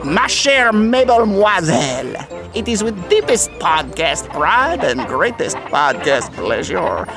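A woman's voice: on the low side, voice pushed down. A woman putting on a grand, theatrical fake French accent as a mock-elegant host. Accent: put-on French. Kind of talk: comedy podcast acting.

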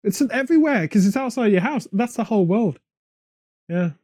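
A man co-hosting a comedy podcast, rambling through absurd deadpan tangents in casual chat. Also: high-pitched, brisk, dry recording, clean studio sound. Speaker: podcast co-host.

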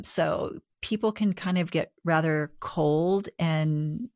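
A woman co-hosting a relationship advice talk show, explaining in a calm, measured way. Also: deep voice, dry recording, clean studio sound. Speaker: co-host.

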